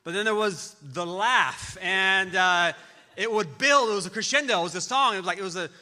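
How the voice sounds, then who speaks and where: Middle-aged guy giving a tribute at church, lots of restarts, super bright tone, long hall reverb. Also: high voice. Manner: halting storytelling with many restarts. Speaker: friend giving a memorial tribute. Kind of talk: personal tribute speech. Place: large church auditorium.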